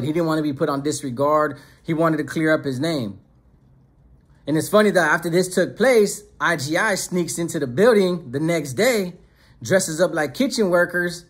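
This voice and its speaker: A man's voice: a little high, fairly bright tone. A man telling a prison story in a casual, streetwise way, full of slang.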